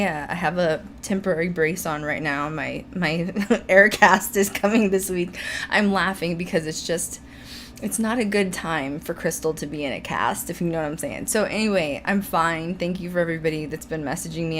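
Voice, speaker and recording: A woman's voice: on the low side, brisk, few pauses, slight background noise. A young adult woman hosting a paranormal podcast, chatting casually with many fillers and frequent laughter. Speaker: podcast host. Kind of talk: casual chat.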